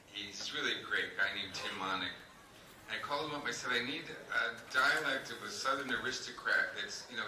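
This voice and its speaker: Man, actor at panel Q&A, rambling anecdotal, low voice, roomy echo. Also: bright, forceful tone. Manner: rambling anecdotal storytelling with many fillers. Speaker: actor answering audience questions. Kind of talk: convention panel Q&A. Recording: echoey hall, distant mic, noisy.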